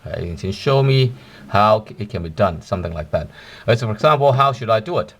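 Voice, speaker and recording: A man's voice: lowish voice, lively intonation, fairly quick, lo-fi sound. A man teaching a language lesson, explaining patiently with many fillers and tag questions.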